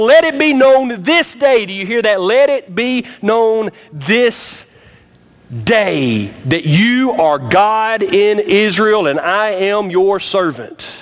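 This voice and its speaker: High-voiced preaching man. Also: fairly bright tone, a little hiss or hum, low-quality recording. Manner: preaching with rising and falling emphasis, repeats words. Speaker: pastor. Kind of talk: sermon.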